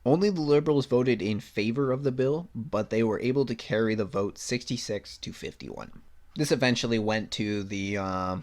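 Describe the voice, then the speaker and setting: A young man with a slightly low voice hosts his own podcast, reading news aloud in a plain way. He keeps cutting in with blunt, sarcastic asides and swears without a second thought. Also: gravelly. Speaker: podcast host. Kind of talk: solo opinion podcast, reading news and ranting.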